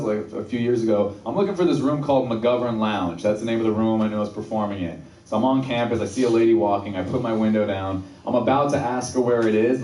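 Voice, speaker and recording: A man's voice: lowish voice, mellow. A male stand-up comedian telling brash, self-mocking stories on a comedy club stage. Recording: roomy sound from a distant mic.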